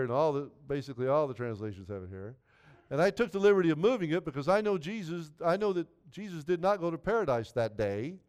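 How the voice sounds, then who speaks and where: Smooth-voiced man preaching earnestly. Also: on the high side, darkish tone. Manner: earnest, repetitive, conversational preaching. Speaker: pastor. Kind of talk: sermon.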